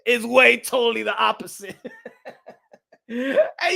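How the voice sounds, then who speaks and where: A young man hosting a boxing channel livestream in casual chat, animated, repeating himself and laughing often, slipping into Spanish. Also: high-pitched, normal speed.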